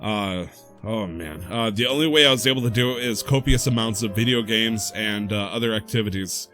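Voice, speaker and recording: A man's voice: steady tone, quick pace, fairly bright tone, soft background music. Playful, jokey male podcast co-host. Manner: jokey, playful, swooping pitch. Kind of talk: casual chat.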